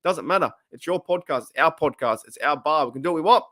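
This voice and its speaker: An Australian man hosting a podcast from his room alone, chatting in an excitable, rambling way and often laughing. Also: a little high, fast talker. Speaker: podcast host. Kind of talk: casual livestream chat.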